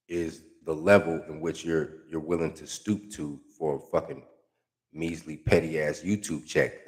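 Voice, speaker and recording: Speaking in an extremely deep voice at a measured pace, a male YouTube commentator reads out comments and ridicules them, full of slang, swearing and animated sarcasm.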